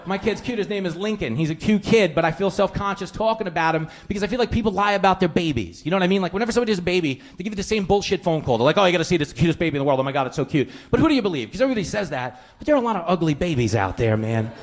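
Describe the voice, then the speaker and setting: Fast-talking man doing stand-up. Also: high voice, lively intonation. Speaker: stand-up comedian. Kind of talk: stand-up set. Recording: live club with noise.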